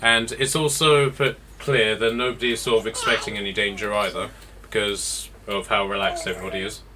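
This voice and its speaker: A man's voice: lowish voice, fairly even intonation, brisk, crowd noise. A man running a tabletop game as game master, narrating scenes with many ums and restarts.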